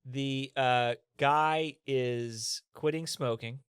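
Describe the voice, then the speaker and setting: A man with an American accent pitching a comedy sketch in a casual chat, rambling and acting out characters. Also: steady tone, very slow, smooth, dry recording, studio quality. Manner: rambling, acts out characters in high voices. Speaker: comedy podcast regular.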